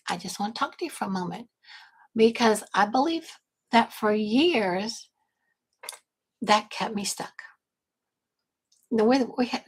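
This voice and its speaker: A woman's voice: mid-range voice, creaky, breathy edge, low-quality recording. An older woman from Texas, a grandmother, hosting a casual livestream and chatting to viewers in a rambling, self-correcting way. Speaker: livestream host and business coach.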